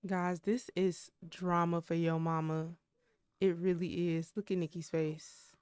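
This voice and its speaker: This is a woman running a life-simulation game channel, chatting and exclaiming through let's play commentary aimed right at her viewers. Her voice is on the low side and smooth, captured with clean studio sound and no echo.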